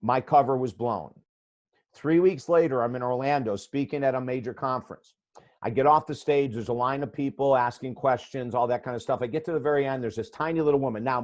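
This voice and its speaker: An older man in his sixties tells a story as a guest on a podcast. His delivery is animated, blunt and emphatic, in a mid-range voice of ordinary pitch. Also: dull audio. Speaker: guest author and life coach.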